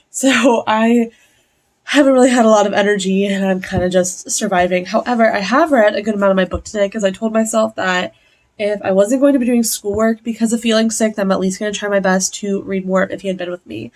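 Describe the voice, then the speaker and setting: A woman's voice: mid-range voice, fairly even intonation, fairly quick. A young adult woman chatting casually in a reading vlog, rambling along with lots of "like" fillers. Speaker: book vlogger.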